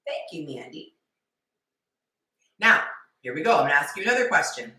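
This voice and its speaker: A woman hosting a live-stream dating talk, playful and animated, acting out little scenes as she coaches. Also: deep voice, far from the mic. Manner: playful, acts out scenarios in quick character voices and whispers. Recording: echoey room, voice heard from off the mic.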